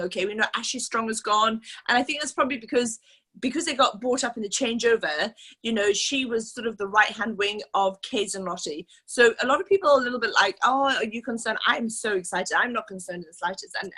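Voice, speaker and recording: A woman team leader runs a casual training session, chatting enthusiastically with plenty of fillers. Her voice sits on the high side with a sharp tone and a breathy edge.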